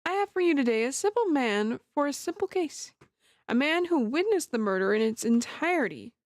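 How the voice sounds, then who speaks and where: A woman's voice: sits high, sing-song, moderate pace, no echo, clean studio sound. A woman voicing a confident young male prosecutor with a smug, theatrical delivery.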